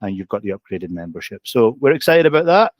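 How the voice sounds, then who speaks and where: A man's voice: lowish voice, sing-song, quick pace, no echo. Upbeat man hosting, dry sound. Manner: upbeat, often addresses co-host by name. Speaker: co-host of a coaching community update. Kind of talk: casual promotional chat.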